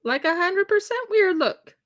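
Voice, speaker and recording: A very high-voiced American woman speaks unhurriedly while livestreaming from her home craft room. She chats animatedly, telling a funny story and voicing its dialogue.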